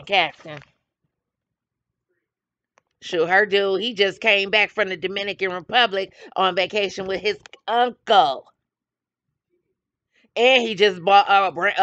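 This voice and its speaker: A woman's voice: mid-range voice, bright, forceful tone, dry recording. A middle-aged woman hosting casual gossip commentary, blunt and trash-talking, laughing often. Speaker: commentary channel host. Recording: dull lo-fi dry sound.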